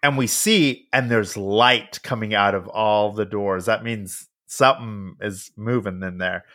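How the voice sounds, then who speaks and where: A man co-hosting a podcast, recapping a film in casual chat. His voice sits a little low but leaps high whenever he acts out a character, and he swears freely as he goes. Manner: animated, acts out characters' lines in quick bursts, swears freely. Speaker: podcast co-host.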